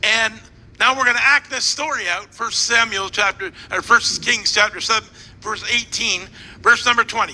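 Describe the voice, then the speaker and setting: Animated high-voiced pastor in a hall. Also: male voice, normal speed. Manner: animated and playful, directing volunteers and joking with the crowd. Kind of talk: sermon retelling a scripture story. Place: church hall. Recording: long echo in a large hall with faint noise.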